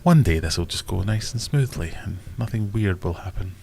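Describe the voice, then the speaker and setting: Scottish male host, low voice, loose self-mocking live-stream chatter. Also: lively intonation, normal speed, creaky, a little mellow, a little hiss or hum. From Scotland. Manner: rambling and self-mocking, thinks aloud. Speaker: aquarium channel host. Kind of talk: casual live-stream chat.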